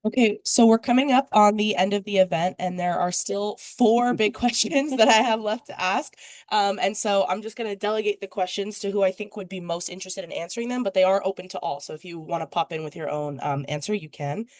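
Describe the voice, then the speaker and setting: A moderator guiding a panel discussion and asking questions in a relaxed, conversational way, with many pauses and fillers. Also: medium pitch, no room sound.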